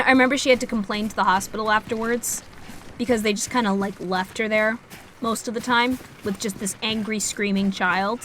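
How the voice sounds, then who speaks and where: Young woman streamer in her twenties; bright, slightly high voice; loose, rambling delivery with casual swearing. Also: slight background noise. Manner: rambling, swears freely, laughs at herself. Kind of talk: casual storytelling while gaming.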